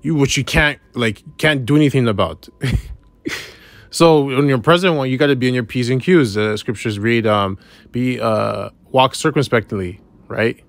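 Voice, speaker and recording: A man giving an informal scripture lesson, reading verses slowly and then explaining them in casual talk, checking in with "right?" after nearly every point. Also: mid-range voice, no echo. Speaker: bible teacher.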